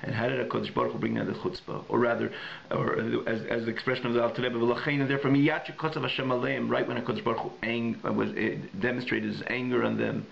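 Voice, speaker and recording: A man's voice: mid-range voice, little pitch movement, fast talker, gravelly, lo-fi sound, slight background noise. A male rabbi teaching a class in a synagogue. He mixes Hebrew and Yiddish terms into English, restates phrases several ways, and thinks aloud with frequent restarts. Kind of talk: recorded adult education class.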